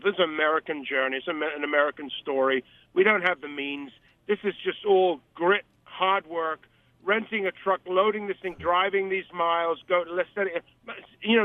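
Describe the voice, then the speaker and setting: Over a tinny, dry telephone line, a high-pitched man joins a radio interview as a call-in guest. His delivery is emphatic but wandering, and he keeps circling back to say the same things again.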